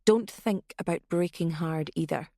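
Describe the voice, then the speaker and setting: A woman puts on a cold young female killer who taunts her victim in a low, slow, menacing murmur. The voice has a gravelly edge and sits close and dry. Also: dark tone, no room sound. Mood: taunting.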